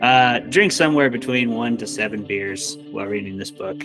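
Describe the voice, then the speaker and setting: A man's voice: medium pitch, normal speed. A man co-hosts a casual podcast in a mid-range voice. He jokes and rambles with lots of fillers and half-finished phrases. A faint bed of music sits under the talk. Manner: joking, rambling with many fillers. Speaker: podcast co-host.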